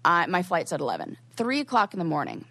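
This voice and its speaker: A woman's voice: on the low side, wildly swooping pitch, fast, gravelly, a bit bright, no room sound. A woman co-hosting a podcast, telling a story in a rambling, casual way full of "like.". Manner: rambling, heavy use of "like". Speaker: podcast co-host.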